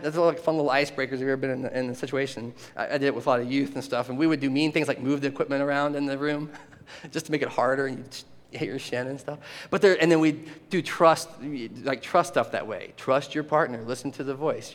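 A man preaching a sermon, animated and often laughing, acting out the voices in the story. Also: medium pitch. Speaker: pastor. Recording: long hall reverb.

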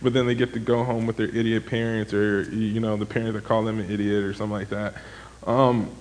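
A man's voice: fairly low pitch, flat delivery, fast talker, a little mellow, big-room sound, a little hiss or hum, low-quality recording. A young man, a former camp counselor, giving a casual sermon testimony in a rambling way, full of "like" and "um". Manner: rambling, heavy use of "like" and "um".

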